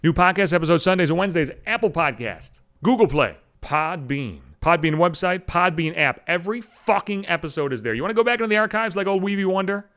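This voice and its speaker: In a solo podcast rant, a man swears nonstop and imitates others mockingly whenever he quotes them. His voice sits high and is a bit bright, with lively intonation, a fairly quick pace and hardly any pauses.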